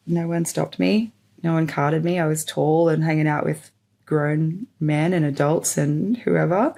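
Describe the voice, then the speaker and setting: A woman's voice: lowish voice, a little mellow. A young woman podcast host candidly telling her life story in a rambling, open way, full of fillers. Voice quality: gravelly. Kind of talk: personal storytelling monologue.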